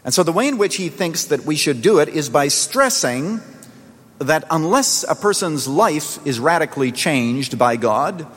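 A man's voice: fairly high pitch, lively intonation, fairly bright tone, husky. Earnest male pastor in a reverberant hall. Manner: earnest storytelling, slowing for emphasis. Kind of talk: sermon. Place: church.

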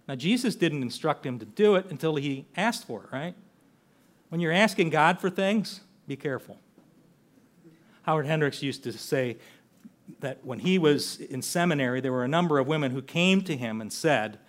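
Older male preacher, slightly high voice, earnest conversational sermon delivery. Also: animated, normal speed. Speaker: pastor.

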